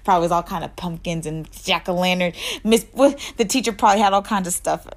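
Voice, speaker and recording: A woman co-hosting a casual chat podcast, telling stories animatedly and acting out quotes, sometimes dropping to a near whisper for asides. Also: quick pace. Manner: animated storytelling, acts out quotes with big pitch jumps and laughter. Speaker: podcast co-host.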